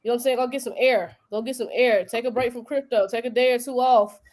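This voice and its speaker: A woman's voice: a little high, steady tone, fast talker, darkish tone. A young woman from North Carolina with a local accent, hosting a casual crypto live stream in a joking, slangy way. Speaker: crypto show host.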